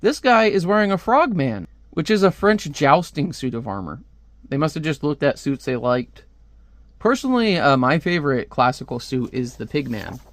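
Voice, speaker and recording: Chatty guy rambling about a comic, kinda high voice, super dry close mic. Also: sing-song, normal speed, no echo. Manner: rambling and chatty, with frequent fillers. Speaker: comic book reviewer. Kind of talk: casual comic review.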